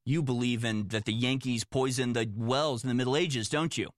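A man voicing a pompous, indignant male baseball general manager who speaks in a slow, theatrical, offended tone. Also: mid-range voice, steady tone, dry recording, studio quality, lightly acted.

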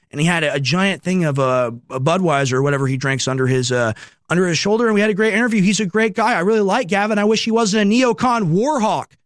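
This radio host, a young man in his twenties, delivers a heated commentary monologue and drives his points home with emphatic, repetitive rhetorical questions. His voice is high for a man, and the recording is dry and close with no room echo.

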